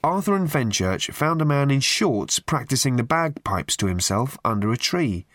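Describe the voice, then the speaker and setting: Man reading a book aloud, wry and lively, dry studio sound. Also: mid-range voice, normal speed, no room sound. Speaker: audiobook narrator. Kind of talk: scripted narration.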